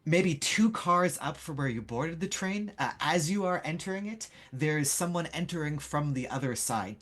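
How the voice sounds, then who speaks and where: A game master narrating a tabletop game in a casual, loose way, with fillers and the odd swear word. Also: medium pitch.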